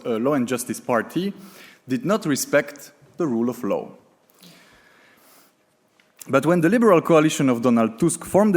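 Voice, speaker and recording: A man speaking at a conference podium, his voice sitting a little higher than most men's. He reads from prepared notes, stopping often for fillers and quick corrections. A long hall reverb trails behind each phrase.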